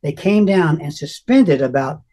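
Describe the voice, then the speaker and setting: Older man, somewhat high voice, earnest emotional testimony, halting restarts. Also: animated, dark tone. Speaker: guest telling his testimony.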